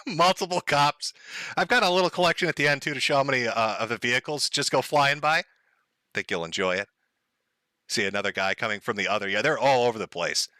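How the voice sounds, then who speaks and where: A man's voice: medium pitch, a little fast, sharp tone, dry recording, studio quality. A man hosting a live stream, giving sarcastic, mocking commentary and laughing often.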